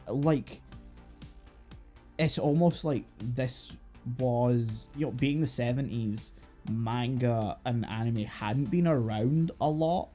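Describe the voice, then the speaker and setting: A man co-hosting a laid-back podcast, talking in loose, rambling runs. He swears freely and breaks into laughter often. Faint music sits quietly under his voice. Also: mid-range voice, slow pace. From United Kingdom. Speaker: podcast co-host. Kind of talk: casual anime podcast chat.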